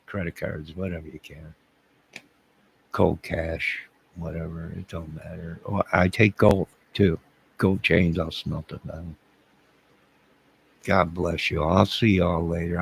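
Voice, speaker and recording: A man's voice: sits low, creaky, husky, exaggerated voice. A man playing a bumbling, lonely single man who rambles and stammers, bragging one moment and apologizing the next in a comedic monologue to camera.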